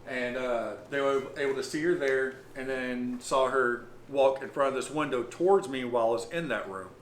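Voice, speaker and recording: A man, recounting his experiences as owner of an old lodge in a halting, rambling way with lots of fillers. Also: mid-range voice. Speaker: property owner and paranormal investigator. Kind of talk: casual storytelling interview. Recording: roomy with faint noise.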